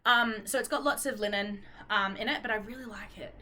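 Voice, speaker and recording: A young woman with an Australian accent chats casually, rambling from one thought to the next and apologizing often. Her tone is bright and forward, at a middle pitch. She fills her pauses with plenty of ums. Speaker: knitting vlogger. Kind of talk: casual chat.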